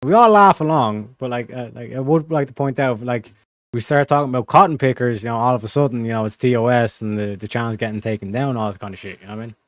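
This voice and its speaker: A man's voice: medium pitch, fast talker, no room sound, studio quality. Rambling man chatting on a stream. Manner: rambling, slangy, peppered with "bro" and "you know what I mean". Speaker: livestream host. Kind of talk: casual chat.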